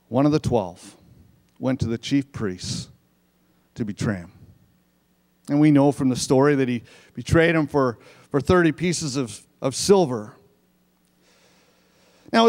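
Man, high voice, conversational sermon, long church reverb. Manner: conversational, explains verses as he reads. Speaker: preacher. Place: church sanctuary.

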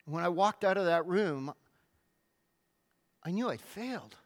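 A middle-aged male pastor with a notably high voice, preaching a sermon. He tells his stories dramatically, leaning on emphatic pauses and short punchy words. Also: expressive.

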